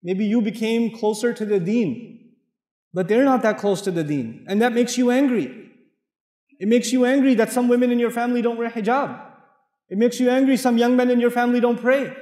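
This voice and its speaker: A man giving an animated sermon, asking the audience rhetorical questions and reciting Arabic verses. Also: extremely high pitch, a little fast. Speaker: Islamic lecturer. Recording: echoey hall with long reverb.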